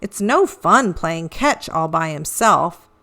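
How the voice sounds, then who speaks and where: Woman, children's storybook read-aloud, expressive storytelling, unhurried, animated. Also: lowish voice. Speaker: children's book reader.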